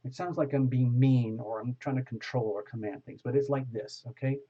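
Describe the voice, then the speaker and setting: A man giving a casual online tarot reading, gently coaxing the listener and slowing down to read passages aloud. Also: medium pitch, fairly even intonation. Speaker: tarot reader. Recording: slightly dull lo-fi audio.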